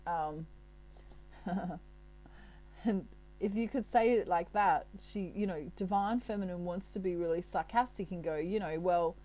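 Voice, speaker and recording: Woman, tarot reader, chatty, playful, unhurried, warm tone. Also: fairly low pitch, low-quality recording. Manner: chatty, laughs often, playful. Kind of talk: casual tarot reading.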